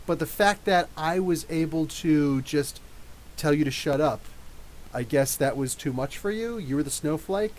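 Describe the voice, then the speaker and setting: A man in his thirties from New Jersey hosts a casual live podcast Q&A, rambling chattily and restarting his sentences often. His voice is fairly high with a darkish tone at a moderate pace, and there's a little hiss or hum.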